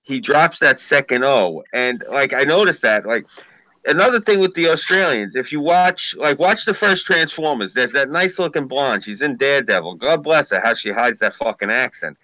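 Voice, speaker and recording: A man's voice: mid-range voice, lively intonation, moderate pace, sharp tone, dry recording, poor audio. A man hosting a live stream, chatting casually and telling rambling, profane stories.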